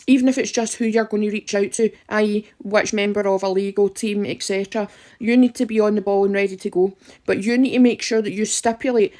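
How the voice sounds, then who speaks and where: A woman's voice: a little high, a little mellow. A woman giving emphatic, direct advice to listeners in an impassioned talk. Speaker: campaigner.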